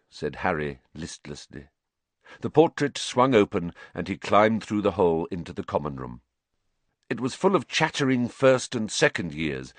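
A man narrating an audiobook, reading with lively character work. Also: low voice, no echo.

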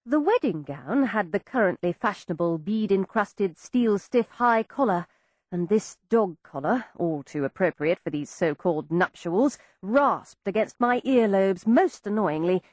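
Expressive woman narrating an audiobook. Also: medium pitch, measured pace, no echo, studio quality. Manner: expressive, wry storytelling. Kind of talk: scripted first-person narration.

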